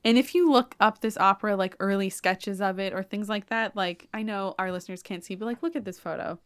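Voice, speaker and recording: A woman hosts a podcast in a chatty, animated way, walking through an opera story with plenty of "like". Her voice is smooth and clear. The sound is dry and close to the mic. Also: mid-range voice, fairly quick, dry recording. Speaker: podcast host. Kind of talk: casual retelling of an opera plot.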